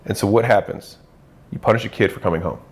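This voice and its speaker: A man's voice: fairly low pitch, fast talker, slight background noise. A man talking through ideas in a casual conversation, acting out quoted voices as he goes. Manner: animated, acts out quoted voices.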